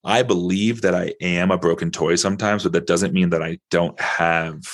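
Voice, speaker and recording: A man hosting a podcast, asking a question haltingly with many fillers. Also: sits low, fairly even intonation, dry recording. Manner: halting, searching for words with fillers. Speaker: podcast host. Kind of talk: podcast interview.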